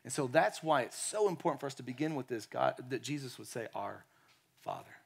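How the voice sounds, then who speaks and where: A man preaching a sermon in a lively way, acting out quotes and dropping to quiet tones. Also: medium pitch, fairly quick, gravelly, slightly rough. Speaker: pastor.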